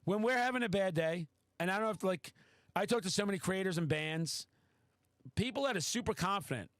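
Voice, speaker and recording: A man with a high voice tells a story on a podcast, excitable and quick to swear. The sound is dry and close to the mic. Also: no room sound. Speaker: podcast host. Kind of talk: casual podcast chat.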